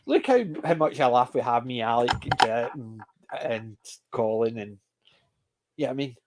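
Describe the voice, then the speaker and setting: A man's voice: mid-range voice, animated, measured pace, darkish tone. Rambling Scottish man hosting a chat. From Scotland. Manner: rambling storyteller, frequent restarts. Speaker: panel host. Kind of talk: casual panel chat.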